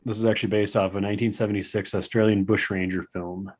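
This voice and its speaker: Low-voiced American man, regular co-host, matter-of-fact casual chat. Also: flat delivery, quick pace, darkish tone. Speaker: podcast co-host.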